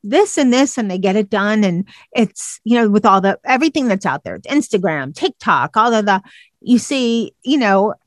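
Woman interviewer, mid pitch, rambling and chatty, dry close mic. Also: lively intonation, normal speed, no room sound. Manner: rambling, many restarts and "you know"s, complimentary. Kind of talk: casual interview chat.

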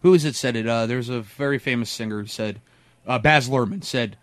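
A man's voice: mid-range voice, brisk, dry recording. A man who produces a pet radio show, bantering playfully and laughing often.

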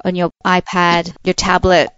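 A woman's voice: lowish voice, clear, resonant tone, dry recording. Chatty British woman. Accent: British English. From England. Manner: chatty and enthusiastic, quick bursts of excitement. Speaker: podcast host. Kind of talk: casual podcast chat. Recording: slightly dull, dry recording.

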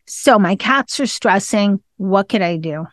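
A woman's voice: medium pitch, animated, unhurried, dry recording. A woman hosting a pet podcast, asking questions in a chatty, conversational way. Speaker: podcast host. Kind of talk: casual interview chat.

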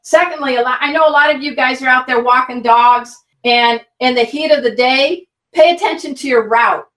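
High-pitched woman explaining pet first aid, upbeat and folksy, roomy echo, sounds a bit far from the mic. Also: moderate pace. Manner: energetic, vivid, instructive, folksy. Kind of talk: guest expert in an online interview.

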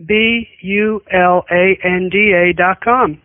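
A woman's voice: medium pitch, steady tone, takes it slowly, no room sound. A woman on a call-in radio show, coming through a thin, tinny telephone line. Her delivery is plain and matter-of-fact as she tells dog stories, and the sound is dry with no room around it. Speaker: call-in guest, dog trainer. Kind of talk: casual radio chat.

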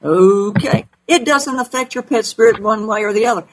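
A woman's voice: a little high, normal speed, slight background noise, low-quality recording. A woman with a Southern accent hosting a call-in radio show as a pet psychic, folksy and emphatic.

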